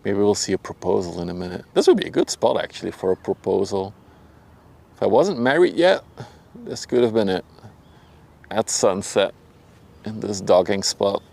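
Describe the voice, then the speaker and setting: With a fairly low, creaky voice at normal speed and frequent pauses, a young Dutch-accented man runs a loose, casual livestream beside a river. His manner is relaxed and chatty; he laughs a lot, speaks to his chat by name, and softens his voice now and then to avoid disturbing others close by.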